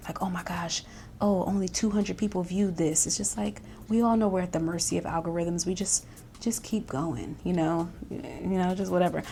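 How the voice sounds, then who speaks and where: A woman vlogger chats casually in a lowish, gravelly voice, circling back on her words with fillers and restarts. Faint noise sits under the recording. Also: darkish tone. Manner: chatty, self-reflective, many fillers and restarts, laughs often. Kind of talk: casual reflective chat.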